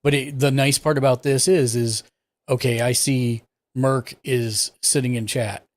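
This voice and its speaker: Man calmly walking through streaming setup. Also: medium pitch, a little slow, no echo. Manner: relaxed, explains step by step while clicking around. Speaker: streaming tech support host. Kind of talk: casual live-stream tech walkthrough.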